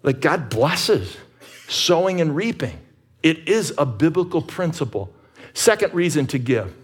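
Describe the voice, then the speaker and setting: A man's voice: on the high side, very animated, a little slow, husky. A middle-aged man preaching a sermon as pastor, emphatic and conversational, often repeating words as he restarts.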